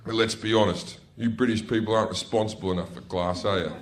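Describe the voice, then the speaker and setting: A middle-aged man does a brash, profane stand-up routine on a comedy club stage, breaking into sudden shouted outbursts. His voice is on the low side with a steady tone, he talks fast, and the recording is very noisy.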